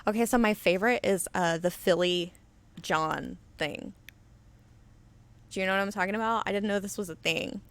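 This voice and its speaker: A woman's voice: medium pitch, normal speed. A woman hosting a live stream where she paints miniatures, chatting in a rambling way and reading viewer comments aloud. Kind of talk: casual chat while demonstrating. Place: indoor studio under flood lighting. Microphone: webcam on auto settings.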